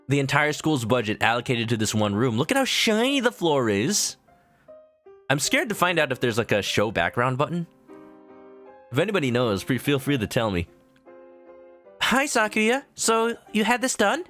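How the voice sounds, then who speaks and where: A man's voice: mid-range voice, big pitch swings, moderate pace, long pauses, a bit bright, soft background music. A young man casually commenting on a game as he streams it, joking as he goes. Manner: playful, jokey.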